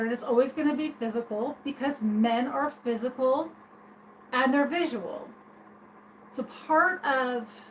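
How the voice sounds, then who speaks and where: A woman's voice: sits high, a bit bright, slight background noise, low-quality recording. A woman streaming a casual opinion rant, rambling and hesitant with many restarts. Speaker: streamer talking to viewers.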